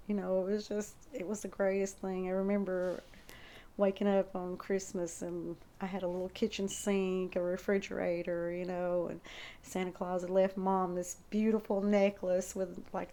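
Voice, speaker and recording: A woman's voice: medium pitch, warm tone. A middle-aged woman with a Southern US accent, casually reminiscing about her childhood home in a nostalgic, rambling way. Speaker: interviewee, the filmmaker's mother.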